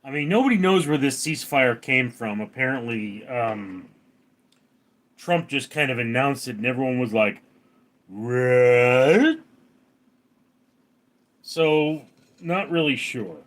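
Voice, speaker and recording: A man from Los Angeles chats his way through a late-night livestream, reading viewer comments aloud and answering each one. His pitch swings up and down with lively movement. He rambles in a loose, offhand way and sits at an ordinary middle height. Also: moderate pace. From Los Angeles, California. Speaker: livestream host reading chat. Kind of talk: casual livestream chat. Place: outdoors at night.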